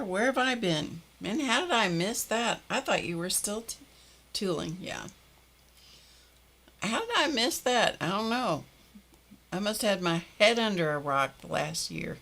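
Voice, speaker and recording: A woman's voice: mid-range voice, a bit bright. An older woman hosting a live stream, chatting casually with viewers, greeting them by name and laughing often. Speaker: livestream host greeting viewers. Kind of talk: casual chat reading viewer comments.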